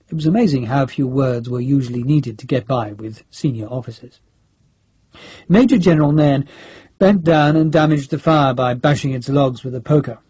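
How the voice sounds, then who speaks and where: A man narrating an audiobook in a steady, measured storytelling voice. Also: mid-range voice, husky. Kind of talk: scripted narration.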